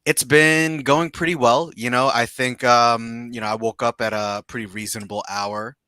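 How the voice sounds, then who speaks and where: A man's voice: mid-range voice, fairly even intonation, moderate pace, sharp tone, clean tone, no echo, studio quality. A man co-hosting a live stream, chatting in a playful, jokey way with many restarts. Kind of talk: casual chat.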